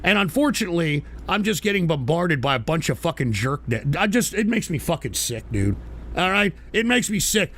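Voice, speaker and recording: A man's voice: a little high, very animated, a little fast, bright, forceful tone, no room sound. A man hosting a live political stream, talking in a heated, profane rant aimed at his chat viewers.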